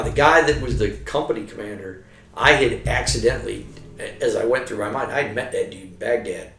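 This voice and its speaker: Middle-aged ex-soldier spinning profane war stories, rambling, steady mid voice, roomy echo. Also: male voice, medium pitch. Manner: profane, rambling, heavy swearing. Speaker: veteran telling army stories. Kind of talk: casual storytelling chat. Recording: echoey room.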